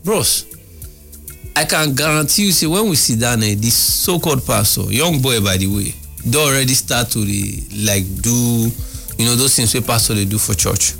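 A man with a Nigerian accent telling a story in a casual chat, animated and mocking. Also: medium pitch, moderate pace, gravelly, faint music behind.

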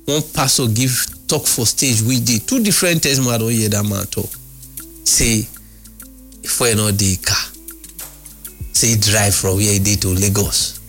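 A man with a Nigerian accent telling a story in a casual chat, animated and mocking. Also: lowish voice, normal speed, pauses often, faint music behind.

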